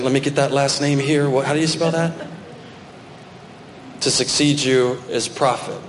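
In a church sanctuary, a male pastor with a mid-range voice preaches a sermon and reads scripture aloud, rising into emphatic bursts. The echoey hall gives a long reverb, with slight background noise.

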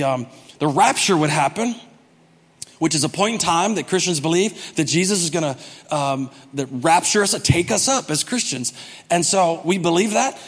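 A man preaching with a high, lively voice, chatting with the congregation and acting out the quotes. The sound rings with long reverb from a big church hall. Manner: animated, conversational preaching with acted-out quotes. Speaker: pastor. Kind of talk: sermon.

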